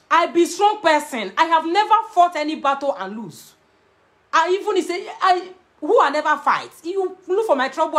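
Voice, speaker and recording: A woman's voice: high-pitched, fairly bright tone. A young Nigerian woman with a Nigerian accent, giving emphatic, preachy relationship advice to viewers and repeating her key points. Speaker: relationship adviser.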